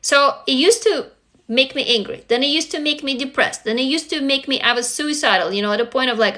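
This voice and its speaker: A woman's voice: high voice, a little fast, sharp tone. A woman from Russia, hosting an emotional livestream monologue in a raw, intense and profane way. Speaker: livestream host.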